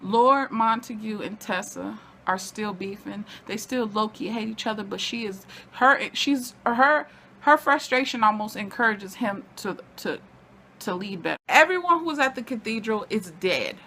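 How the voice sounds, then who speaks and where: A woman giving a casual, excitable TV episode recap from home, chatting to her viewers as y'all. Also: medium pitch, moderate pace. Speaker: TV recap vlogger.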